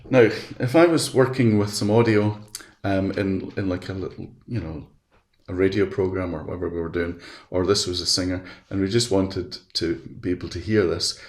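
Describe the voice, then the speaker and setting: Male webinar presenter, low gravelly voice, talks through each click in a chatty way, roomy echo. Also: fairly even intonation, normal speed, hardly any pauses. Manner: chatty, walks through steps aloud. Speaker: education specialist presenting a webinar. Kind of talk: live software demonstration. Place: at his computer.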